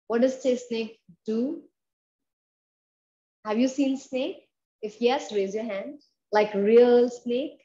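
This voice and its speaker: A woman's voice: fairly high pitch, darkish tone. A woman with an Indian English accent leading a children's yoga class, giving encouraging instructions and counting breaths aloud. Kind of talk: guided fitness class for kids. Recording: dull, roomy sound with faint background noise.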